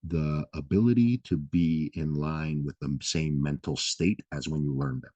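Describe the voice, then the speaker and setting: A man's voice: rumbling low, a little slow, mellow, no room sound. A man hosting a health vlog, explaining in a loose, casual way, full of fillers and repeated "right?". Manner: loose, filler-heavy, keeps asking "right?"; swears casually. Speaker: vlog host giving health advice.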